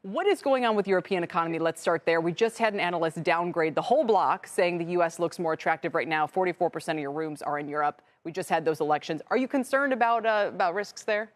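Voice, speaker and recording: A woman hosting a live TV business interview, her voice on the low side. She reads her introduction smoothly, then asks short, direct questions in a brisk anchor style. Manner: brisk, direct questions with scripted lead-ins.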